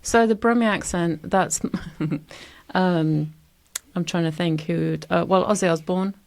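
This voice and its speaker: A woman's voice: on the low side, fairly even intonation, slow pace, creaky, darkish tone. A woman from England with an English accent, chatting casually as a guest on an interview podcast, laughing often and self-deprecating. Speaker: guest artist.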